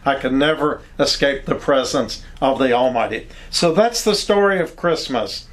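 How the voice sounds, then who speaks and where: A man with a fairly high voice preaching a Christmas sermon. He is earnest and pastoral and talks straight to the listener. The delivery is loose and unscripted, with small slips and self-corrections.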